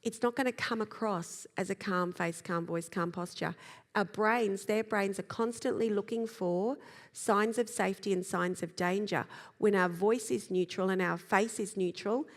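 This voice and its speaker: A woman speaks to an audience on children and self-regulation at a middling pitch. She explains with energy and slips into acted examples. Her voice trails off in a long hall reverb. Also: normal speed. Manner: lively explaining, acts out examples. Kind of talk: live talk to an audience.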